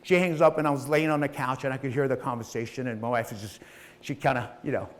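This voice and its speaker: A man's voice: mid-range voice, steady tone, fast talker, slight background noise. A middle-aged man giving a blunt motivational talk on stage, swearing freely and acting out what others said to him. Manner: blunt, swears, acts out quotes. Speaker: speaker.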